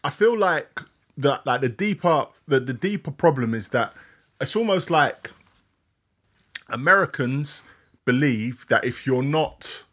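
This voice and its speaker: A man's voice: mid-range voice, lively intonation, a little slow, a bit bright. A man co-hosting a podcast, chatting earnestly, repeating himself and checking the other host follows him. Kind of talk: casual chat.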